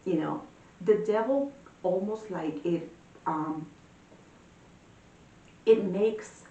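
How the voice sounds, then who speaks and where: A woman giving a casual tarot reading, talking in a chatty, animated way with many fillers. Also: very slow, distant mic, highs cut off. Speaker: tarot reader. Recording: echoey room, voice a bit off-mic, faint rumble.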